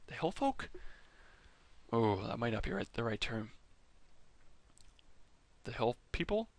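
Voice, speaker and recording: Man with gravelly fry, rambling. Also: mid-range voice, expressive, measured pace, dry recording. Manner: enthusiastic, rambling, often restarts and corrects himself. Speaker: fan video host ranking characters. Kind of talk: casual rambling commentary over clips.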